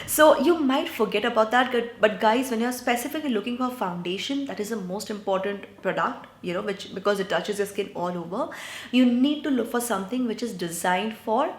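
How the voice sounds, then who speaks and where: A woman's voice: a little high, brisk. A woman from India giving skincare advice in a chatty vlog, often checking in with "right?" and addressing her viewers as guys. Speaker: beauty vlogger. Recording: echoey room.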